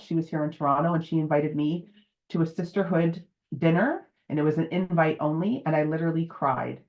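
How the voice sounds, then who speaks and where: A woman in her fifties, a menopause educator, speaking candidly and emotionally on a video call. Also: low-pitched. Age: 50s. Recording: dull lo-fi video call audio.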